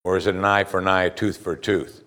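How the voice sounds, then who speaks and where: A man's voice: sits low, level tone, quick pace, a bit bright. A man preaching a sermon as pastor, putting direct questions to his listeners with emphasis.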